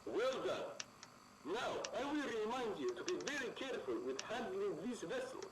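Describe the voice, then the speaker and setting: A man's voice: sits high, big pitch swings, normal speed, a crowd in the background, low-quality recording. A man voicing a male facility supervisor on a game intercom, speaking in a formal, dry, cautionary way.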